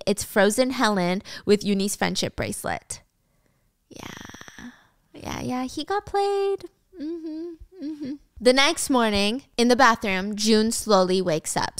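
Young woman, podcast host, storytime retelling, animated, casual swearing, high clear voice, dry room. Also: no room sound.

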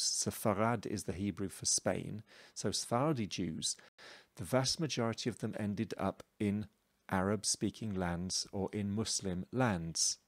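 A man with a fairly low voice talks through the references in a song, explaining each one. His manner is chatty and informal, with little asides like "okay?" thrown in. The sound is dry and close, with no room echo. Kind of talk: scripted explainer lesson.

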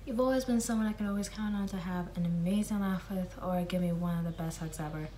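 A woman's voice: lowish voice, fast, mellow, a little hiss or hum. A teenage girl gushing affectionately in a birthday message to a friend.

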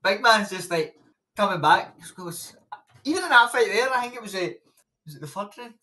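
His voice sits high and sounds animated and sharp, with a brisk pace. The young boxer from Scotland is a guest in a loose interview chat, rambling through tales and laughing a lot.

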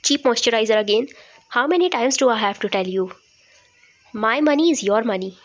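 A woman playing a young man hamming it up as a wealthy boyfriend in a fan-fiction audio story. Showy and exaggerated, with a fairly high voice. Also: animated, fairly quick.

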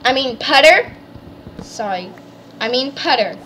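A woman hosting a let's play, chatting excitedly and explaining the game as she goes. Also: sits high, a little slow, a little hiss or hum. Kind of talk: casual gameplay chat.

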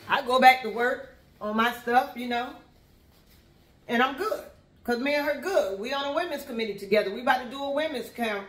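In an echoey room, a woman with a slightly high voice tells a long personal story, speaking directly to her listeners. She's animated and conversational, calling them "y'all."

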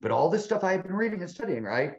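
A man's voice: high-pitched, very animated, fast talker, a little mellow. A man in his fifties, a guest author telling a long story in a casual interview, rambling with frequent restarts and fillers. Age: 50s. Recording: roomy, dull lo-fi sound.

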